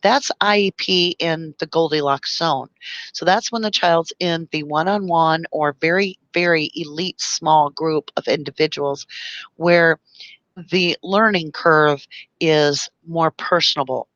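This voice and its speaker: A woman's voice: deep voice, a little slow, a bit bright, dry recording, highs cut off. A woman hosting a live stream, speaking with passion and emotion, reading viewer comments and explaining through long analogies. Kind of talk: impassioned live-stream talk.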